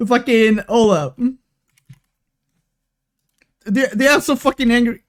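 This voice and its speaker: A live streamer giving loud, profane gaming commentary, excitable and quick to swing between giddy and exasperated. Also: medium pitch. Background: faint background music.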